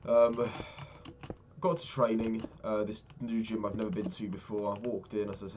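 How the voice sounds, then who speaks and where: While playing a game, a young vlogger chats and rambles through a story, swearing freely. He speaks at a fairly low pitch and fairly quickly, with background noise and keyboard clicks and typing audible.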